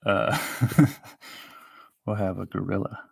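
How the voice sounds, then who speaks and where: A man's voice: deep voice, slow pace, creaky, breathy edge, dry recording. A man hosting a live show, rambling with sardonic asides while he draws. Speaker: show host. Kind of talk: rambling live-stream commentary while drawing.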